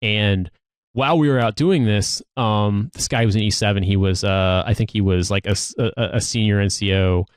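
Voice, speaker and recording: A man in his thirties with a fairly low voice, co-hosting a casual podcast and spinning long rambling stories. He restarts sentences often and circles back on himself. The sound is dry and close. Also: normal speed, clean tone, no room sound. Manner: rambling storyteller, frequent restarts. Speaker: podcast co-host, army veteran.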